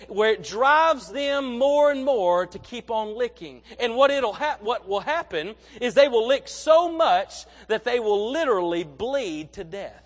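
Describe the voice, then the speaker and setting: The long reverb of a big hall carries the very high, fairly bright voice of a young male preacher. Telling stories in a homespun, chatty sermon, he often repeats himself.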